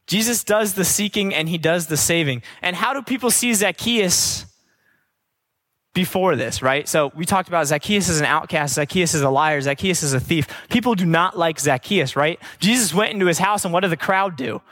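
A man's voice: fairly high pitch, expressive, moderate pace, fairly bright tone. A man preaching a sermon, emphatic, with repeated rhetorical questions and casual conversational asides.

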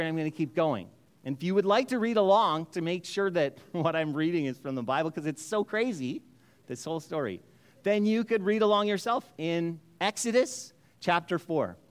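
A man's voice: fairly high pitch, smooth. A male pastor telling a story in a sermon, casual and joking, with many restarts.

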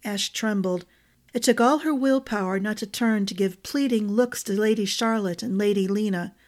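A woman's voice: medium pitch, moderate pace, darkish tone. Woman narrating a fantasy audiobook. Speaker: storyteller.

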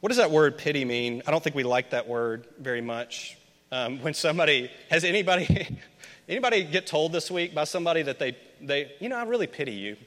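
A man from Memphis with a somewhat high, bright, forceful voice preaches a chatty sermon. He keeps asking the congregation questions, and his words ring out with a long reverb across a big church hall. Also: brisk. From Memphis, USA. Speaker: pastor. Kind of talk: conversational sermon.

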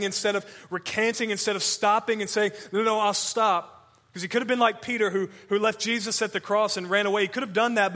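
A man preaching a sermon as pastor, swinging between urgent loud passages and hushed, slow emphasis. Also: sits high. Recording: long hall reverb.

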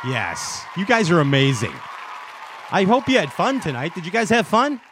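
A man's voice: high voice, very animated, normal speed, fairly bright tone, a faint crowd, slight background noise. A man hosting a casual show, joking around, riffing and scatting between giveaways. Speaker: show host. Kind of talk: casual livestream show banter.

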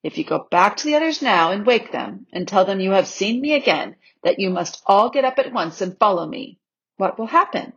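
A woman reading aloud and voicing a wise male lion, speaking slow, low and hushed, on a slightly dull recording. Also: animated, husky. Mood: grave, tender. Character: great wise male lion, gentle and grave.

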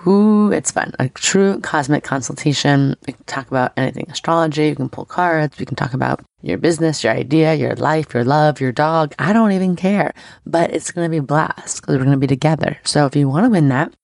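Woman podcast host, thirties, bubbly and chatty, gravelly fry, dry close mic. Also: deep voice, brisk, darkish tone, dry recording. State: scratchy voice. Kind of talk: casual podcast chat.

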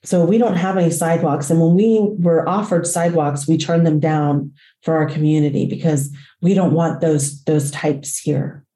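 A woman host telling a personal story in a dramatic, profane way, acting out the voices and shouts in what she tells. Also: low voice, fairly even intonation, normal speed, few pauses, roomy sound. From Latina. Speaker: podcast host.

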